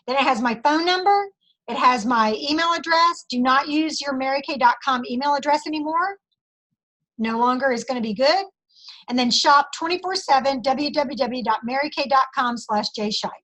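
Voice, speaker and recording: A high-pitched middle-aged woman leads a sales training talk over a video call. She is chatty and emphatic, and she acts out customer conversations as she coaches. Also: normal speed, a bit bright. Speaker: sales director training her team.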